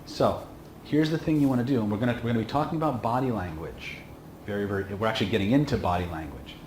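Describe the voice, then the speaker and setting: A man teaching a seminar in a casual, emphatic way, often pausing to check in with "okay?". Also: lowish voice, expressive, a little mellow. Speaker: instructor. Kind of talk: seminar lecture. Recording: echoey room with faint hum.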